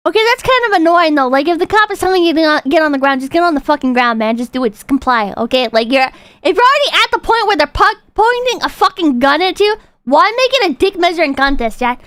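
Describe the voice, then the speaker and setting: Woman streamer, very high and lively voice, foul-mouthed bursts of outrage, dry close mic. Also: quick pace, dry recording. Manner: profane, excitable outbursts between calm donation readings. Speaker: livestreamer reacting to videos. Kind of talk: casual livestream commentary.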